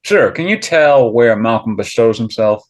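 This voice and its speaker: A man's voice: mid-range voice, expressive, normal speed, lightly acted. A man with a Southern US accent playing a wry, suspicious nobleman with a sardonic delivery in an amateur stage-play reading.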